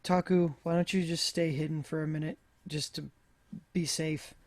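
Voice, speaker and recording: A man playing in a tabletop game, relaxed and hesitant with fillers. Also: fairly high pitch, moderate pace, dry recording. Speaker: player. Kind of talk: casual tabletop play.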